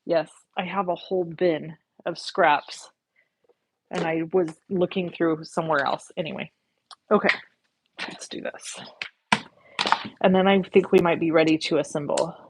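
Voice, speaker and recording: Speaking at a measured pace with fairly even intonation, a woman with a lowish voice leaves long pauses, and there's background noise. She's hosting a live card-making session, casually talking with viewers, reading out their comments and swearing slightly.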